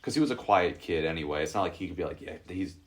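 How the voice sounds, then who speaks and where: Young guy with a real deep voice just rambling on his podcast, lots of like and um. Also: very fast. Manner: rambling, animated storytelling with a lot of filler. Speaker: podcast host. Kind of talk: casual unedited podcast chat.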